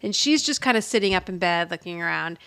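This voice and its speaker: A woman's voice: lowish voice, fast, vocal fry, clear, resonant tone. A woman co-hosting a podcast, giggling often as she recaps a TV episode in casual chat. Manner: giggly, animated retelling, quoting characters' lines. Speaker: podcast co-host.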